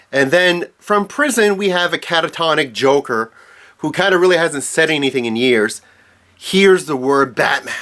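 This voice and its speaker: Rambling, profane comic-book recapper. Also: male voice, medium pitch, bright, forceful tone. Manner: rambling, profane, self-correcting. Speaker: comics explainer.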